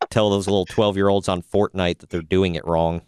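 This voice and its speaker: Low clean-voiced wry male podcast host. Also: level tone, unhurried, a little mellow, clear, resonant tone. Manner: wry, opinionated, laughs at own jokes. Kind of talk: casual podcast news chat.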